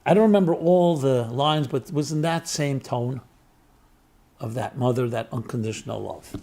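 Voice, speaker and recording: A man who is a rabbi, telling a story in an earnest reflective talk, repeating phrases in threes for emphasis and dropping soft on tender phrases. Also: mid-range voice, moderate pace, gravelly. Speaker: rabbi and spiritual teacher.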